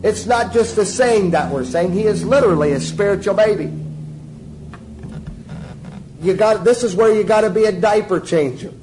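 A man's voice: sits high, normal speed, long pauses, a little mellow, a little hiss or hum, rough recording. A man preaching an informal sermon in a folksy, joking way, often asking his listeners questions. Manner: folksy, jokey, asks the audience questions.

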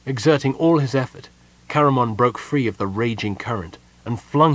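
Guy reading a fantasy book aloud, steady and measured, kinda husky, dry sound. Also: medium pitch, no room sound. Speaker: audiobook narrator. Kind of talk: scripted fantasy narration.

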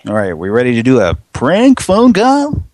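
A man co-hosting a comedic mock radio show, drawling and deadpan, often laughing at the jokes. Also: mid-range voice, moderate pace, no room sound.

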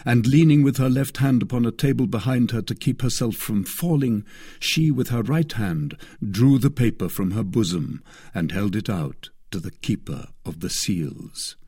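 A man narrating a classic novel as an audiobook, with an expressive, measured reading. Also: on the low side, slightly rough, no room sound, studio quality.

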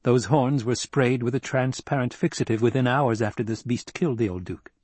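A man's voice: medium pitch, a little fast, a little mellow, no room sound, natural voice. Man voicing a poised, commanding noblewoman. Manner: crisp, firm commands.

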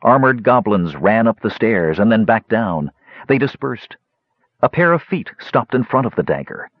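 A man narrating a fantasy audiobook in an expressive storytelling manner. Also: fairly low pitch, moderate pace, slightly rough, dry recording. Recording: dry, slightly muffled recording.

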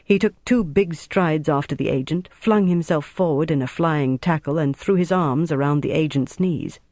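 A man narrating a thriller audiobook in a steady, measured way. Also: a little high, no room sound.

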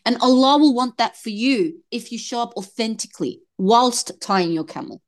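A woman in her thirties, appearing as a podcast guest, talks earnestly and with feeling about faith and motherhood in an emotional conversation about faith and fertility. Her voice is on the high side at a moderate pace, and she's animated, slipping into quoted voices.

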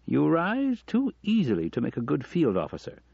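A man's voice: fairly high pitch, huge pitch swings, normal speed, creaky, darkish tone, husky, no echo, pitched above the performer's own voice, full character voice. A man voicing a dry, teasing male deputy director with an air of authority, in a dull lo-fi audiobook recording. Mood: wry. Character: gruff cigar-smoking male deputy director.

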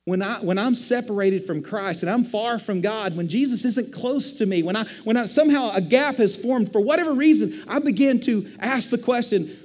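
A middle-aged man, a pastor, preaching a sermon in a conversational, animated storytelling manner. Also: high-pitched, normal speed, few pauses, in a large hall.

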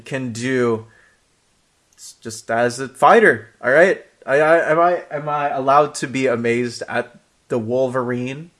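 A man co-hosting a casual comics podcast, rambling and self-deprecating, often restarting his sentences. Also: mid-range voice. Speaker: comic book podcast co-host. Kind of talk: casual chat.

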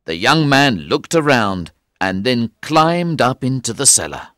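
A man giving scripted audiobook narration, telling the story in a slow, clear way. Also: medium pitch, big pitch swings, a bit bright, dry recording, clean studio sound.

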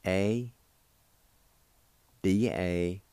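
A man hosting a radio language lesson, slowly spelling and repeating words syllable by syllable. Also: low-pitched, dark tone, clear, resonant tone, dry recording. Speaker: radio host teaching language. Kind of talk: slow spelled-out word lesson.

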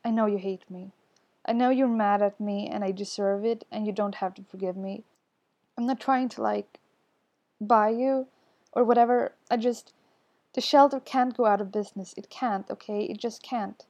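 A woman reading the lines of an anxious, apologetic young man in a podfic, halting and full of restarts. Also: medium pitch, steady tone, a little mellow, dry recording, highs cut off, lightly acted. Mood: pleading.

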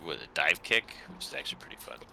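A man co-hosting a casual gaming podcast, chiming in with quick reactions. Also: rumbling low, very animated, vocal fry, pushed and bright, a little hiss or hum. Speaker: podcast co-host.

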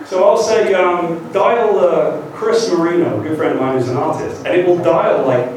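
A British man in his forties gives a conference talk, joking and acting out what others say. His voice sits a little high for a man. He was recorded from far back in a big, echoing lecture hall with a faint hiss underneath. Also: brisk. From Great Britain. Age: 40s. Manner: lively, joking, acts out quotes. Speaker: guest lecturer. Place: large university lecture hall. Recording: echoey hall taped from far off.

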